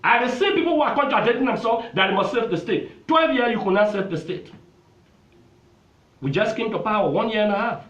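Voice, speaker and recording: A man's voice: sits high, animated, fairly quick, a bit bright. A Liberian man, a lawmaker, making an emphatic, repetitive political argument in a television interview. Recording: roomy, dull television audio.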